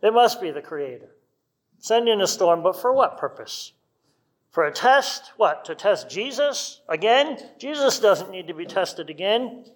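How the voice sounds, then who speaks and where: A man's voice: sits high, expressive, a little slow. A man preaching a sermon in a conversational way, asking his listeners rhetorical questions. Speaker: pastor.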